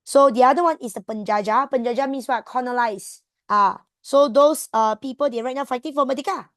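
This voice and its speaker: Malaysian woman tutor, high voice, dry close sound, quizzes her class as she goes. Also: fast, no room sound. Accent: Malaysian English. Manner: animated, code-switching, drills students with questions. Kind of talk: exam revision lesson.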